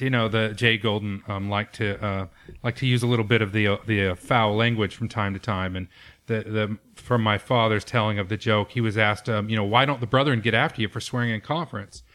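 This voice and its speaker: A man's voice: on the low side, a bit bright. A man hosting a casual conversation, who talks in a self-deprecating, rambling way with many fillers.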